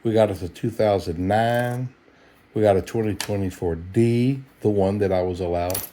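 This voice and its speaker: Slight background noise sits under this middle-aged man's fairly low, dark voice at a moderate pace. Searching coin rolls at home late at night, he yawns with tiredness while narrating casually, relaxed and folksy.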